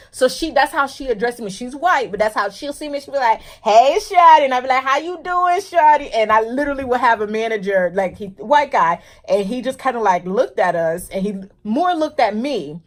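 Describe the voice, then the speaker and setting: Animated woman in casual chat. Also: on the high side. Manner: animated, acts out workplace exchanges in quoted voices. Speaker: co-host.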